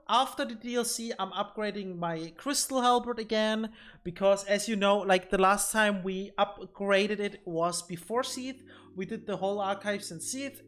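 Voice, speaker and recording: This streamer's mid-range voice has a fairly bright tone as he offers casual commentary on a desk mic. He thinks aloud while breaking down boss fights, repeating words frequently.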